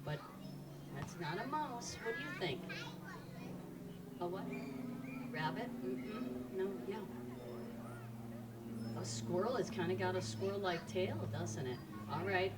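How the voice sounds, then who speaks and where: A woman's voice: medium pitch, lively intonation, takes it slowly, long pauses, far from the mic, heavy background noise. A woman presenting live animals to children at an outdoor park show, quizzing the audience in an upbeat way.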